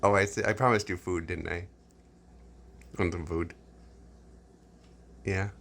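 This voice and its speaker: A man's voice: sits low, steady tone, a little slow, vocal fry, fairly bright tone, slight background noise. A man chatting playfully to his pet bird at home in a kitchen, using sing-song baby talk and laughing often.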